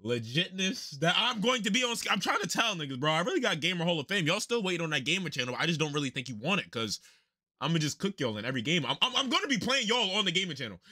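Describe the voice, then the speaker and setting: A man hosting a music reaction video, talking in excitable, slangy, casual commentary with frequent laughs and repeated words. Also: a little high, fast talker, husky.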